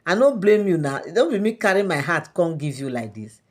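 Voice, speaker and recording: A woman's voice: on the low side, sing-song, brisk. A Nigerian woman voicing a king who scolds his wife in Pidgin-tinged speech. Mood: reproachful. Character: hurt, then forgiving older male king.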